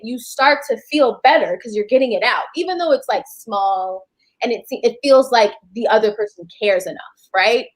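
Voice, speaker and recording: Woman, guest, slightly high voice, chatty, animated storyteller. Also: low-quality recording. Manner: chatty, animated, acts out quotes. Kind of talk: casual livestream chat.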